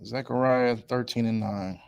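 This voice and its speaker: A man teaching a casual Bible class. He reads scripture slowly and deliberately, then preaches in a loose, colloquial way and keeps asking his listeners if they follow him. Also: mid-range voice, steady tone, creaky, clear, resonant tone. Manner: slow, deliberate scripture reading.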